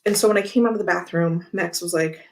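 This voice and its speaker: Chatty woman with a lowish voice. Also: quick pace, a little mellow. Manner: chatty, rambling, laughs often. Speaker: tarot livestream host. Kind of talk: casual chat while handling cards.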